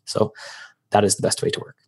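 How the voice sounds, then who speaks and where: A man in his thirties, a podcast guest, talking casually and telling stories with acted-out quotes. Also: darkish tone. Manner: fast, storytelling with acted-out quotes. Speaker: guest, freelance business owner.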